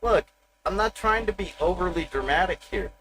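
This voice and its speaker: A middle-aged man talks straight into his desk mic on a livestream, his voice sitting a bit high for a man. He rambles in a raw, confessional rant, cursing freely and swinging from bravado to grim candor. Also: animated, normal speed, a bit bright, a little hiss or hum, rough recording. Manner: blunt, profane, confessional rant. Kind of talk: rambling personal monologue.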